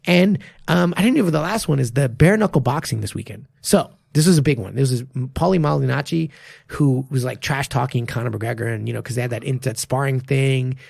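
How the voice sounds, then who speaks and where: A male martial arts coach co-hosting a podcast, who talks in an animated, emphatic way with frequent swearing. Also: mid-range voice, a little fast, gravelly, no room sound, studio quality. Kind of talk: casual podcast chat.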